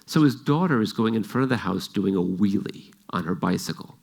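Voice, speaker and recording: A man's voice: lowish voice, animated, brisk, gravelly, darkish tone. A man giving an explanatory talk, telling an example story and acting out its dialogue. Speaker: speaker.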